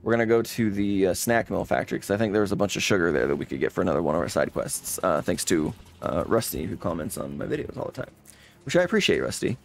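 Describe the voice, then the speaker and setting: A man's voice: sits low, big pitch swings, quick pace, creaky. A man hosting a let's play, chatting casually with lots of uh and um over faint game music. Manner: chatty, fills with uh and um.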